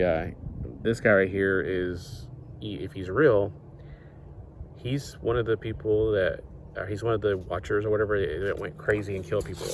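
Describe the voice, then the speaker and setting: Man, lower register, casual rambling reviewer, loses his thread and self-corrects; light wind hiss outdoors. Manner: meandering, loses his place and corrects himself. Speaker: comic book reviewer. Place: outdoors near the beach. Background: faint wind.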